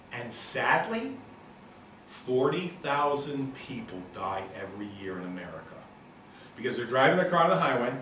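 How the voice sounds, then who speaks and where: A man in his sixties giving a live motivational lecture to an audience in a room, telling stories in an animated, punchy and emphatic way. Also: mid-range voice, a little hiss or hum. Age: 60s. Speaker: motivational speaker. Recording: very echoey room, voice from a distant mic.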